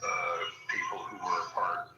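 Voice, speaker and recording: A man's voice: deep voice, little pitch movement, normal speed, echoey room, distant mic, dull audio, loud music behind the voice. A man in a casual group podcast chat, talking bluntly in a laid-back way with slang.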